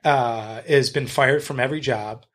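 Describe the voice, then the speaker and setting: A man's voice: medium pitch, measured pace. A man being interviewed on a podcast as a real estate agent and investor, talking in a blunt, rambling, enthusiastic way and swearing freely.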